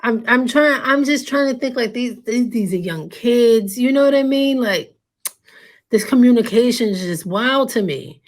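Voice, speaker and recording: A young adult woman reading chat messages aloud and reacting in a casual, hesitant way. She often repeats words while she thinks out loud. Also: on the high side, lively intonation, moderate pace. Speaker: commentary YouTuber.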